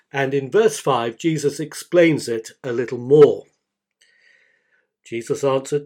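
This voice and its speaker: A male pastor delivers a sermon at an unhurried, measured pace. His pitch sits in an ordinary middle range. He leans on repetition to drive each point home. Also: a little mellow. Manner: slow, deliberate preaching with repeated emphasis.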